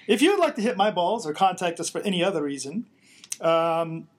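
A man's voice: high voice, animated, a little hiss or hum. Bawdy joking male podcast co-host. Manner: bawdy, joking, quick asides. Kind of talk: casual banter.

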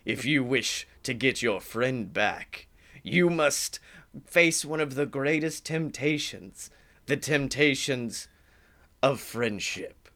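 A man voicing Satan as a solemn male devil who passes judgment in slow, grave pronouncements. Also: mid-range voice, animated, pushed and bright, voice pushed down, full character voice.

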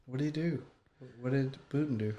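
A male podcast guest with a mid-range voice. He chats casually and tells stories with animated, joking delivery. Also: medium pitch, brisk, dull audio. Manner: animated, jokey storyteller. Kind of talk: casual chat.

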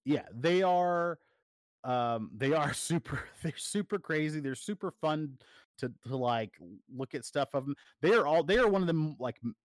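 A man co-hosting a podcast chats casually at normal speed in an animated voice on the high side, rambling with frequent fillers and restarts. The studio sound is clean, with no room sound.

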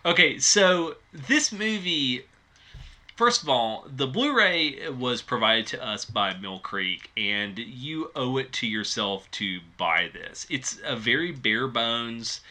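Bright-voiced man dissecting a movie. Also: medium pitch, lively intonation, slow, few pauses. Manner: wry, informative, laughs easily. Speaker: podcast co-host. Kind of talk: casual movie review chat.

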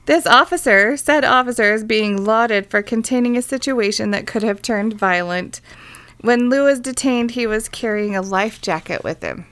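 A woman's voice: on the high side, normal speed, fairly bright tone. Woman, podcast co-host, casual chat, reads news aloud, swears freely, blunt asides. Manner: irreverent, swearing, reads news then jokes.

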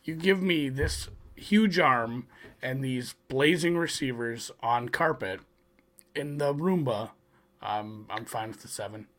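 A man's voice: mid-range voice, slow, fairly bright tone. A man giving blunt, offhand takes on a football point spread in a casual betting chat. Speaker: sports betting analyst.

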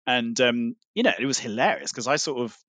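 A man's voice: mid-range voice, a little fast, fairly bright tone, dry recording. Man, guest, rambling chatty storyteller, dry room. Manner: rambling storyteller, many fillers. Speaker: podcast guest. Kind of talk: casual chat.

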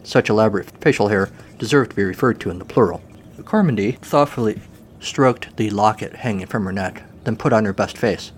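A man's voice: lowish voice, fairly quick, a little hiss or hum. A man narrating a comic story in a dry, wry way.

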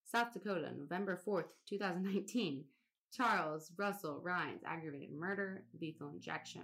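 A woman's voice: medium pitch, lively intonation, moderate pace, fairly bright tone. A woman co-hosting a casual podcast, reading a long list aloud, swearing now and then and laughing at odd names. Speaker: podcast co-host.

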